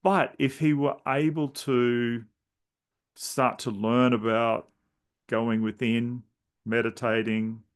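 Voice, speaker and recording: A man's voice: mid-range voice, little pitch movement, slow pace, clear, resonant tone. A man hosting a podcast, telling stories in a casual, rambling way with many restarts. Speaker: podcast host. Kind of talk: casual storytelling chat.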